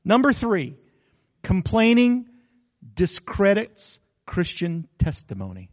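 A man's voice: high-pitched, huge pitch swings, slow pace, big-room sound, muffled recording. A male pastor preaching a sermon, folksy and joking, with frequent asides to the congregation.

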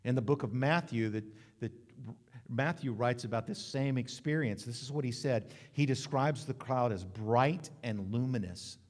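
A man's voice: mid-range voice, moderate pace. A man preaching a sermon in a church, joking and acting out voices in quotes. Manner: lively, joking preacher who acts out quotes. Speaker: pastor. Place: church sanctuary. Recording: long hall reverb.

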